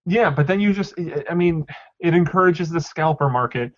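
A man with a fairly high voice rants through a casual gaming chat, slipping into mock quotes to make his point. The audio is dull and lo-fi. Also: moderate pace. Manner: ranting, acts out mock quotes. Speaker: podcast co-host.

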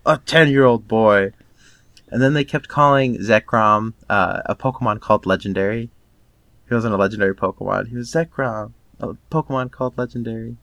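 A man with a middle-pitched voice chats on a podcast in an animated, excitable way. He swears freely, and the recording sounds dry and close. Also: no room sound. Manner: animated, swears freely, laughs between words. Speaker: podcast co-host. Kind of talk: casual chat.

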